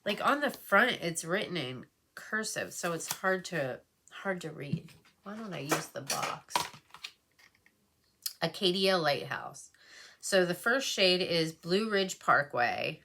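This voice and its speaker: Low-voiced, emotional woman vlogging. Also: lively intonation, takes it slowly, sharp tone. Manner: emotional, rambling, many fillers. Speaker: beauty vlogger. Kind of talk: casual get-ready-with-me chat.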